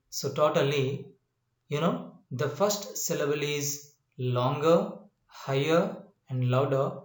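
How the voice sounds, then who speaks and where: A male English teacher giving a spoken lesson, slow and repetitive, often asking if the listener understands. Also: a little high, reverberant. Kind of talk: classroom-style spoken lesson.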